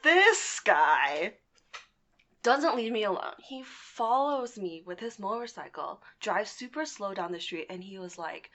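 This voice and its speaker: A young woman in her twenties tells a personal story in a casual, animated way. Her pitch sits mid-range for a woman, and she swears freely as she talks. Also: a little slow. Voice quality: lively, animated retelling with swearing and laughs. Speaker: podcast guest.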